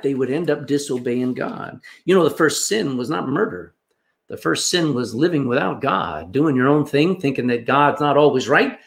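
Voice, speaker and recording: Animated male preacher, lively pitch. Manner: animated preaching, swings between loud emphasis and hushed asides. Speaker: pastor. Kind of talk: sermon.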